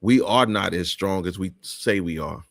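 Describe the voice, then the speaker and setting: Low-voiced man preaching on a live show. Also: normal speed, gravelly, no echo, clean studio sound. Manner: preachy, emphatic, restarts often.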